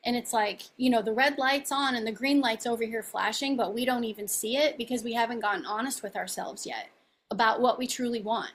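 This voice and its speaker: A woman's voice: a little high, fairly quick, fairly bright tone, slight background noise. A woman life coach speaking as a podcast guest in a chatty, casual way, often asking "right?".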